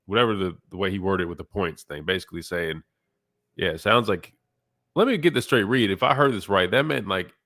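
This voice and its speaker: A man's voice: low voice, brisk, pushed and bright, dry recording, studio quality. A man hosting sports talk radio in a casual, rambling way, his voice nasal and congested. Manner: casual, rambling, many fillers.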